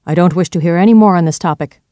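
A reader voicing a fifty-year-old male doctor in a storybook reading, earnest and pleading but turning sharp and firm when pressed. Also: mid-range voice, animated, normal speed, no room sound, clean studio sound, natural voice. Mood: cold firm.

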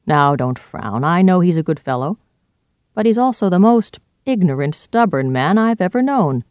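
In a storybook reading, the performer voices a fifty-year-old male doctor who pleads earnestly but grows sharp and firm under pressure, sounding exasperated here. The mid-range voice, raised above the reader's natural pitch yet still sounding natural, swings widely in pitch at a normal speed. The recording is dry and studio quality.

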